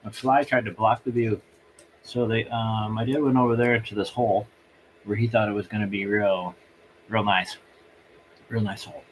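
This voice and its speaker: Rambling live-stream host, a man, low voice, faint hiss behind. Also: fairly even intonation. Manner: rambling and halting, circling back. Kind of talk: casual live-stream storytelling.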